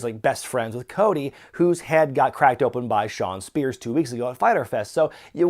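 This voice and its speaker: A man's voice: medium pitch, darkish tone. A man reviewing wrestling matches in casual, opinionated commentary with frequent fillers.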